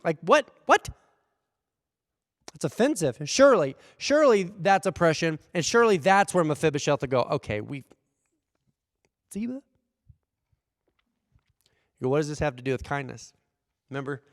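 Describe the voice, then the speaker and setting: A man preaching a sermon as pastor, animated, acting out the people he quotes. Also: a little high, dry recording, clean studio sound, long reverb tail. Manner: animated, acts out quoted voices. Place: church hall.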